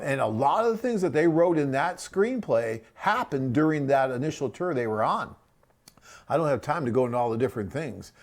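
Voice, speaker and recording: A chatty man hosting a live web Q&A, speaking at an average pitch. He rambles through viewer questions and personal stories, often tagging on "right?" and filling pauses with "um". He talks into a desk microphone at his computer. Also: a little mellow. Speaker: host answering viewer questions. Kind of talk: casual live webcast Q&A.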